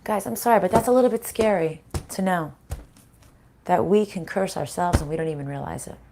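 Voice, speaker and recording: Frank, animated woman spiritual reader. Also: fairly low pitch, brisk, a little hiss or hum. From Italian-American family. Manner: frank and animated, swears freely, laughs often. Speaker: spiritual reader and channel host. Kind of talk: casual live spiritual reading.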